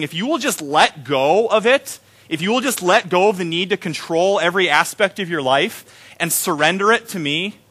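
A pastor giving a sermon, telling stories in a conversational, animated way. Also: male voice, fairly high pitch.

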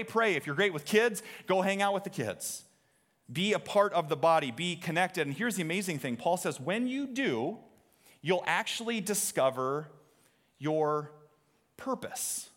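A man's voice: high voice, a bit bright. A man preaching a sermon from a church stage, talking in a conversational, joking way and quizzing the congregation. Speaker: pastor.

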